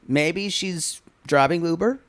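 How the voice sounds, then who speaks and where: A podcast co-host chatting casually, gossiping and teasing in an animated way. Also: medium pitch. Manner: animated, gossipy, quick to laugh and tease. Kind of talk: casual chat.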